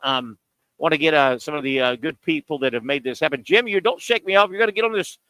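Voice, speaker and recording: A male sports talk host delivers a fiery rant full of rhetorical questions. His voice sits somewhat high and the sound is dry and close, as if on location at a bar and grill. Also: fast, sharp tone, no echo. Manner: combative, scolding, rhetorical questions.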